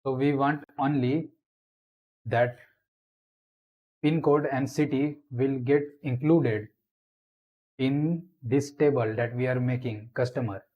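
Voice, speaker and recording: A man's voice: medium pitch, fairly even intonation, muffled recording. A man explaining a programming lesson step by step as he types code in a screencast tutorial. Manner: slow, step-by-step explaining while typing.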